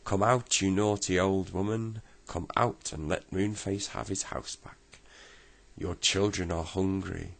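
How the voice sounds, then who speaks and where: A kindly old pedlar man, played by a man reading a storybook, with a husky voice full of gravel. He speaks slowly. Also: sits low, exaggerated voice. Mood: shouting.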